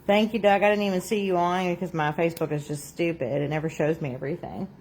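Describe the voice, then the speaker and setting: A woman's voice: fairly low pitch, fairly even intonation, quick pace, a little mellow, slight background noise. Chatty woman hosting a live craft stream. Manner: chatty, laughs often, reads out viewer comments. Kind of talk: casual live-stream chat. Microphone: phone on a tripod.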